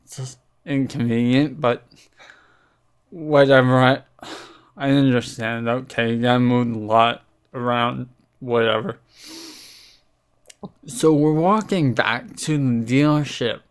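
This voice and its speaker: A young man in a casual vlog talks through a grievance at an unhurried pace, stopping and restarting his sentences. His voice is clean and smooth, with a mid-range pitch. A mild irritation runs through his storytelling. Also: steady tone. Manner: rambling, halting, with many fillers and restarts; mildly irritated, recounting a complaint. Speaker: vlogger.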